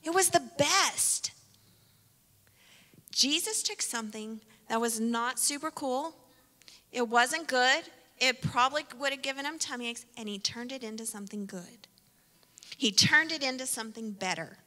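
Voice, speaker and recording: High, bright-voiced woman leading kids. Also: moderate pace, big-room sound. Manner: lively, playful, talks directly to kids by name. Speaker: children's sermon leader. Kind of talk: children's sermon with object lesson. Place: church sanctuary.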